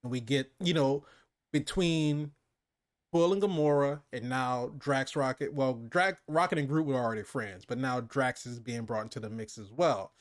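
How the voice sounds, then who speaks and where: A man co-hosting a casual movie review, retelling scenes with animated quoted lines and frequent laughter. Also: normal speed. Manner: animated storyteller, acts out quotes in higher voices with laughs. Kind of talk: casual chat recapping a film.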